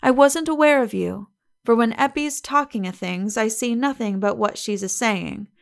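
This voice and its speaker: A woman voicing a gentle, grave aging male weaver with mild, fatherly rustic speech in an audiobook reading. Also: fairly high pitch, normal speed, creaky. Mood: fond, grave.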